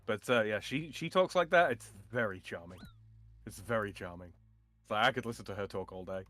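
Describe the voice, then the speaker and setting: A man chatting casually on a stream, opinionated, with halting starts and chuckles. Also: on the low side, lively intonation, fairly bright tone. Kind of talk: casual chat.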